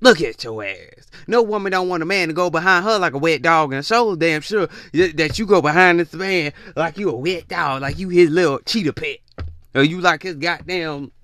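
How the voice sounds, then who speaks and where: A man's voice: dry recording, clean studio sound. Blunt, profane man ranting. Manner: blunt, profane, preachy, lively swings in pitch. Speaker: podcast host giving relationship advice. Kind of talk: ranting monologue.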